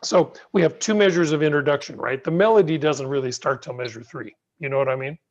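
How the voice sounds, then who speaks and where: Sanfter Klavierlehrer, gedämpfter Videoanruf. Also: male voice, fairly high pitch, fast talker. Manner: gentle, patient, encouraging. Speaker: piano teacher. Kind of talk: online piano masterclass. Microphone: video call. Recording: muffled video call audio.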